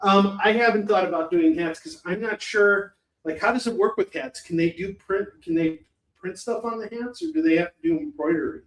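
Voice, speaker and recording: A man's voice: sits high, moderate pace. A man hosting a live shopping stream in a rambling, chatty, self-mocking way. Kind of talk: casual chat. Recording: roomy echo.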